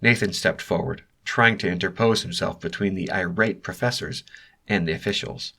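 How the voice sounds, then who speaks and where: Low, bright-toned male narrator. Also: normal speed, creaky. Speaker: audiobook narrator. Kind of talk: scripted narration.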